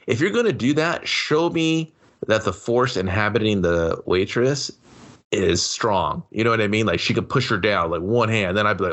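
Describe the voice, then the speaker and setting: Low-voiced man rambling through a review. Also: animated, fairly bright tone. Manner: rambling, profane, acts out scenes in quick voices. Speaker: podcast co-host. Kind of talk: casual movie review chat.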